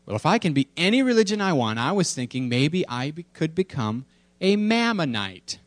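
A man's voice: on the high side, big pitch swings, dry recording. A man doing a cheeky little cartoon girl. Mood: eager. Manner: eager, rapid, questioning.

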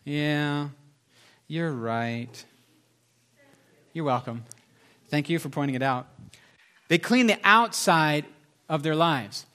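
A man preaching a sermon as pastor, swinging between loud emphasis and soft, confessional asides. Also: a little high, slow pace, pauses often, smooth.

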